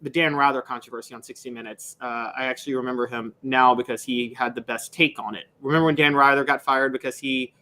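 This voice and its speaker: A man's voice: mid-range voice, steady tone, quick pace, hardly any pauses, sharp tone. A man in his thirties co-hosting a sports radio show, teasing his partner and hesitating when recalling things. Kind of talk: casual radio chat.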